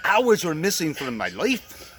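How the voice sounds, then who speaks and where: A man's voice: fairly high pitch, huge pitch swings, unhurried. A man vlogging at an outdoor market bar, rambling and making fun of himself as he talks. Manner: rambling, self-mocking, jokey. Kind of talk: joking travel vlog to camera. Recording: loud live band over the voice. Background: live band playing.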